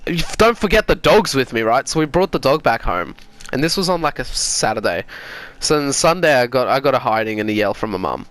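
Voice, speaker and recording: A man's voice: medium pitch, lively intonation, fairly quick, fairly bright tone. An Australian man from Sydney telling a story in casual chat, swearing freely and laughing as he goes.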